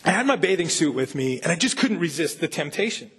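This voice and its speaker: Little boy making lame excuses, preacher doing the voice, bit higher and husky. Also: sing-song, fast talker, a bit bright, exaggerated voice. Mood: sheepish.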